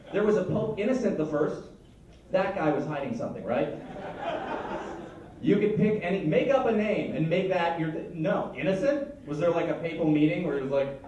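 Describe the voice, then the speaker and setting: A man's voice: on the high side, dark tone, lo-fi sound. A man doing a stand-up set, rambling and stammering through restarts on a club stage. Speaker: stand-up comedian. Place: comedy club stage with audience. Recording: echoey club recorded from a distance.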